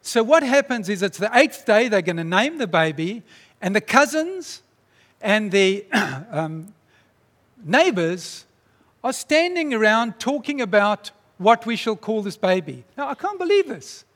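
A man preaching, retelling a story in a dramatic, animated way. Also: high voice, measured pace. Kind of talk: sermon storytelling. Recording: long reverb in a large hall.

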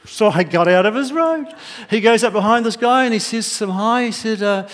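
A man, a pastor preaching a sermon and telling lively, humorous stories. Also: sits high, normal speed. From New Zealand. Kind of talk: sermon with personal anecdotes. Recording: echoey hall.

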